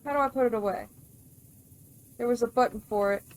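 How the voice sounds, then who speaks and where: A woman's voice: on the high side, a little fast, darkish tone. A young woman playing a game and commenting casually, flustered, panicky and swearing as she fumbles through it. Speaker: let's play gamer.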